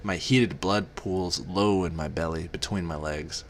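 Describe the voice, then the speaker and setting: A man's voice: low-pitched, steady tone, unhurried, a little hiss or hum. A man doing a comic reading of a romance parody, breaking off for mocking asides. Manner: mocking asides between read passages. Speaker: reader.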